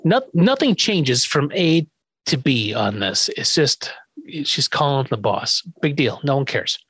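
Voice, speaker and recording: A man co-hosting a podcast, chatting casually and in an animated way about a TV episode. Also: mid-range voice, measured pace, husky, no echo. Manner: animated, acts out lines from scenes. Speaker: podcast co-host recapping a TV episode. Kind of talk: casual chat.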